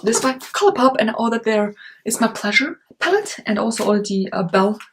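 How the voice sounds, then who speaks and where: A woman's voice: fairly high pitch, animated, brisk, slight background noise. A woman vlogging an unboxing at home, gushing and gasping over what she finds, talking into a camera mic. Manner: gushing, gasping, breathy exclamations. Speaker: beauty vlogger. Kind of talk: excited unboxing vlog. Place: home, indoors.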